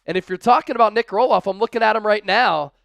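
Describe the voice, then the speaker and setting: High-voiced, smooth male sports streamer. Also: fast talker, fairly bright tone, no room sound. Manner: upbeat, reads out viewer donations and scores. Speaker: livestream sports show host. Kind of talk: live-stream sports chat.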